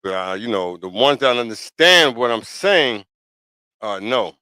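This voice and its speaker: A man's voice: medium pitch, animated, measured pace, pushed and bright, dry recording. A man hosting a podcast, giving his opinions in a blunt, repetitive, insistent way and often checking in with the listener. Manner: blunt, emphatic and repetitive, with frequent "you know what I'm saying". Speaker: podcast talk show host. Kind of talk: casual opinion monologue.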